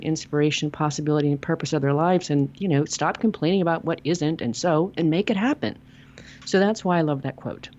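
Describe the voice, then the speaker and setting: A low-voiced woman with a darkish tone speaks over lo-fi audio as a podcast guest in a casual interview chat. An author, radio show host, and logotherapist, she's earnest and emphatic, repeating words as she starts sentences.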